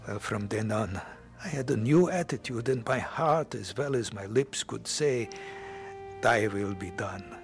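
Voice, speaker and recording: A man's voice: mid-range voice, creaky. A man narrating a radio drama in the first person, earnest and heartfelt. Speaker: narrator and lead actor.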